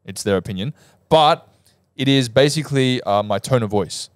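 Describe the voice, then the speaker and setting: A man's voice: mid-range voice, moderate pace, dry recording, clean studio sound. A young Australian man co-hosting a casual podcast, explaining his points step by step and telling stories with animation. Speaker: podcast co-host.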